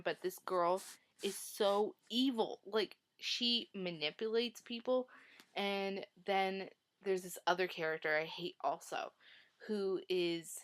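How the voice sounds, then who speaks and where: A woman talking casually about a book she read, retelling the plot with lots of "like" and strong feelings about the characters. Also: on the low side. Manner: chatty, heavy use of "like", emotional retelling. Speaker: book reviewer. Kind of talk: casual book review vlog.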